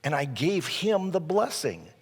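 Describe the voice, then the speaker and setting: A stammering old blind father, as a male preacher puts him on. He speaks in a halting way. His voice rings out into a long church-hall reverb. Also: on the high side, very animated, slightly rough, voice pushed up, heavily acted. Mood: puzzled. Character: old blind father, suspicious then dismayed.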